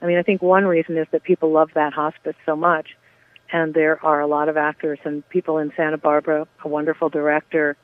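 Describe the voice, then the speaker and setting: A woman playwright chats eagerly about her theater work as an interview guest. She talks in a relaxed, enthusiastic run. Her voice comes over a narrow, tinny phone line. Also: low-pitched, a little fast, no echo. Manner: warm, enthusiastic, chatty with frequent yeahs. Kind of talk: casual interview talk.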